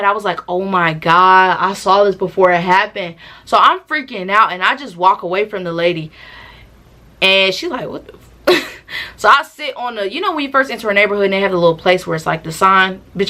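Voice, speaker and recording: A young woman vlogger, telling a storytime tale in a casual, animated, slangy way with laughing asides. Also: medium pitch, fairly quick.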